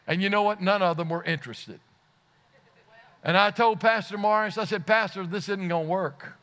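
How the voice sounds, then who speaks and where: Bright, high-voiced fervent male preacher. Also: normal speed. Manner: earnest, rising to fervent exclamations; repeats words when starting phrases. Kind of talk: sermon storytelling.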